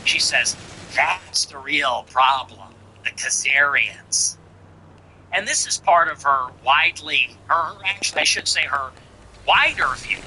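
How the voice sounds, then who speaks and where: A man with a high, piercingly bright voice hosts a commentary show, reacting to a clip. He is animated and mocking, slowly repeating phrases to pick them apart, with a faint hiss of noise behind him. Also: low-quality recording. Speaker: show host.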